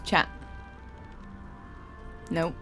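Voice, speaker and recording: A woman's voice: very slow, pushed and bright, faint music behind. A young adult woman streaming a game, chatting casually with her viewers, laughing often and swearing freely. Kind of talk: casual live-stream chat.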